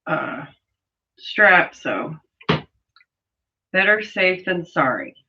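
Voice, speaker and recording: Woman, sewing livestream host, bright forceful voice, dull lo-fi sound, chatty. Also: fairly low pitch, very animated, very slow. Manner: chatty, reads viewer comments aloud while sewing. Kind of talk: casual livestream chat.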